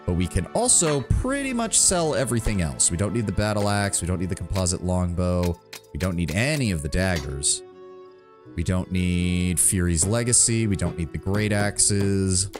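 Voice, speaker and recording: A man's voice: low voice, normal speed. A man streaming a video game, chatting casually and swearing often as he plays. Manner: profane, animated, muttering. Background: faint game music.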